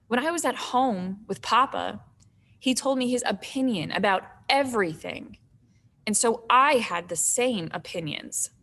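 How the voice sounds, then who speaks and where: A woman reading the lines of a young wife telling her husband hard truths, slow and deliberate, stressing key words. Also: on the high side, a bit bright, heavily acted.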